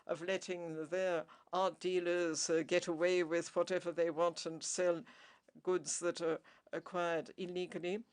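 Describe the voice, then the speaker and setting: A woman ambassador giving a formal conference speech, deliberate, stressing key words and pausing often with "uh". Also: on the low side.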